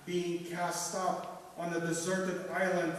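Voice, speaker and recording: A poet from Russia giving a live poetry reading, with wry, dry asides between poems. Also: male voice, high voice, completely flat delivery, slow, slight background noise. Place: festival event hall. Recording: echoey hall, mic at a distance.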